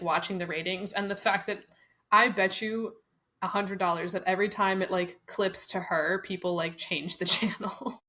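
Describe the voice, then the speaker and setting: A woman's voice: mid-range voice, fairly bright tone. A woman co-hosting a podcast, giving wry remarks and running through race results in casual chat. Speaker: podcast co-host.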